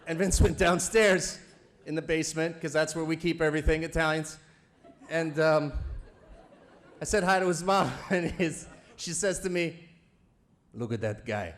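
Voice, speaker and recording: A man's voice: on the high side, fairly even intonation, moderate pace. Teasing man chuckling through a roast. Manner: chuckles through his jokes, loose and teasing. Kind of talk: stand-up roast set. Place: banquet event before a live audience.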